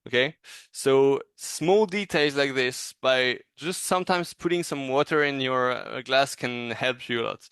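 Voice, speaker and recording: Male reviewer giving feedback, smooth clear voice, dry close sound, halting and encouraging. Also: medium pitch, fairly bright tone, dry recording. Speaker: animation reviewer. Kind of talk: casual teaching critique.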